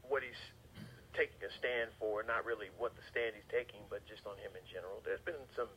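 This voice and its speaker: Hesitant low-voiced radio co-host. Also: male voice, fairly even intonation, brisk, a bit bright, slight background noise, rough recording. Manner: hesitant, many fillers, short agreements. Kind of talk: casual talk radio chat.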